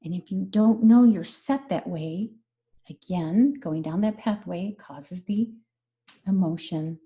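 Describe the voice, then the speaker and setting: A woman's voice: on the low side, slow, dark tone. A woman stress management coach explaining her methods earnestly in a conversational interview, repeating key phrases.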